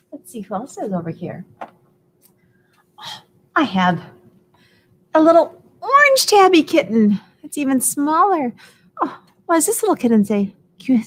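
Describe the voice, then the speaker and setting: A woman leading a preschool storytime, talking in a slow, sing-song way for small children. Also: on the high side, husky. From United States. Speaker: children's librarian.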